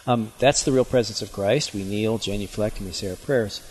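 A man who is a bishop, answering listener questions in a gentle, pastoral way on radio. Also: fairly low pitch, a little fast, husky. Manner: gentle, pastoral, explaining plainly. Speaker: bishop guest.

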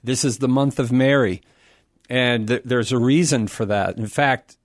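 A middle-aged man as a radio guest, talking in an enthusiastic, rambling way with a preacher's warmth. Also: medium pitch, measured pace, dry recording, studio quality. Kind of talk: casual radio talk.

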